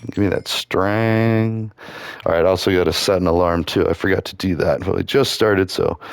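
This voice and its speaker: Low-voiced male gaming host, loose and rambling casual commentary. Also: level tone, quick pace, gravelly, no echo. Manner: rambling, loose, full of "like" and asides.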